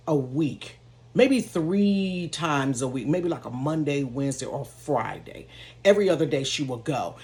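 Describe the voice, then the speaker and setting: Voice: mid-range voice, darkish tone. Candid storyteller talking from a bedroom. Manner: talks straight to viewers, calling them "y'all"; candid and emotional, with laughs in between. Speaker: storytime vlogger. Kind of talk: casual personal storytelling. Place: own bedroom.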